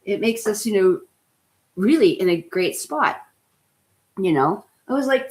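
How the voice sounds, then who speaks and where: A woman's voice: mid-range voice, unhurried. A middle-aged woman talks casually about wellness as the host. She is chatty and enthusiastic and keeps checking in with "right?". Her voice sits in an ordinary middle range. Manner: chatty, enthusiastic, rambling with frequent "you know" and "right?".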